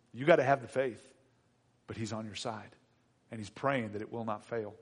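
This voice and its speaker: A man preaching a sermon in an animated manner, teasing and humorous with the congregation. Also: on the low side, moderate pace, pauses often, slightly rough.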